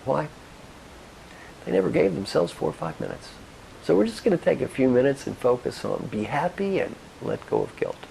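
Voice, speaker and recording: A male motivational speaker guides listeners through reflection and tells stories, shifting between soft pauses and firm instruction. His voice has a gravelly texture and moves through a lively, animated pitch range. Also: slight background noise, poor audio. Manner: expressive, directive, with soft pauses. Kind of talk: guided reflection and storytelling talk.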